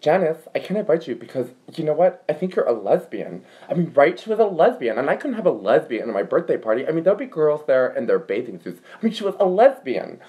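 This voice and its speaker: A man's voice: fairly high pitch, sing-song, quick pace, few pauses. Gossipy mean teen girl queen bee, guy doing the voice, dismissive drawl, muffled lo-fi audio. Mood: scornful. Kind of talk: fan monologue reenactment.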